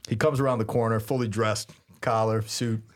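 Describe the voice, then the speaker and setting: A man in his thirties, a priest and podcast co-host, telling a story in a lively, laughing way. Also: fairly low pitch, normal speed. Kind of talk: casual storytelling chat.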